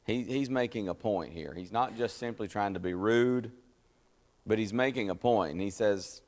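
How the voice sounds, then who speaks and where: A man's voice: normal speed, darkish tone. A man leading a Bible study in a conversational teaching style, explaining scripture and acting out the quotes. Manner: folksy, explanatory, acts out scripture quotes with rising pitch. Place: church meeting room. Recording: church hall with long reverb.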